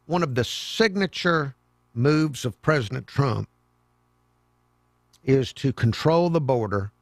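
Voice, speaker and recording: A man hosting a talk radio show, delivering a sarcastic, mocking monologue with sudden loud outbursts. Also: mid-range voice, no echo, clean studio sound. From American South. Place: radio studio. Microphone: studio microphone.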